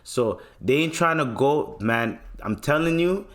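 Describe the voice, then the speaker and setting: A young man from Canada hosting a solo podcast, rambling in a relaxed way with lots of slang and swearing. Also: a little high, unhurried. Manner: laid-back, swears often, slangy, rambling. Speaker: podcast host. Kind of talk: casual solo podcast talk.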